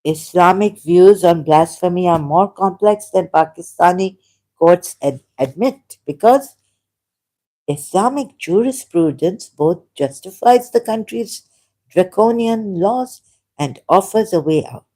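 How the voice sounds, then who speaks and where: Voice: medium pitch, expressive, unhurried, dark tone. A vlogger, not a native English speaker, reading an article aloud with rambling commentary, hesitant and self-correcting with frequent small laughs, sore from a recent cough. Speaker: ex-Muslim vlogger.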